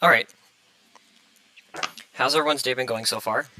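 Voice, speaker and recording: A young man hosts a casual podcast in a bright, sharp voice. He hesitates often and fills gaps with "uh" and "like". The sound is dry and close. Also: medium pitch, moderate pace, no room sound, low-quality recording. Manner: hesitant, many fillers, flustered by tech trouble. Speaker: podcast host.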